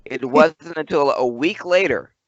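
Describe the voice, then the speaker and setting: A man's voice: on the high side, measured pace, fairly bright tone, no room sound, lo-fi sound. A man co-hosting a podcast as its wrestling historian, telling old stories in a wordy, dramatic way. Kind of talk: casual chat and storytelling.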